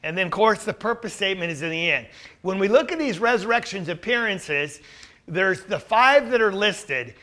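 Guy teaching bible class, kinda high bright voice, chatty, keeps asking the room questions. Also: lively intonation, normal speed. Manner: conversational, with rhetorical questions.

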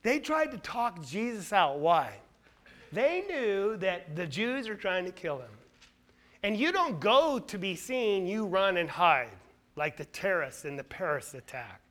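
A man preaching a sermon, emphatic and full of rhetorical questions, swinging between loud stressed lines and quiet asides. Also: high-pitched, big pitch swings, unhurried.

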